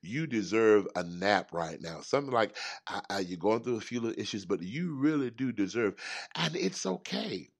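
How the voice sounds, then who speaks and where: A middle-aged man hosting a motivational talk show as a life coach, preachy and animated, acting out little voices. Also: fairly low pitch, moderate pace.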